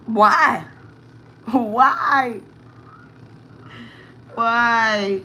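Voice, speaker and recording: A woman's voice: on the high side, sharp tone. A woman, venting candidly to viewers on a live stream and thanking commenters as she talks. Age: 30s. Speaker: vlogger, mother of four.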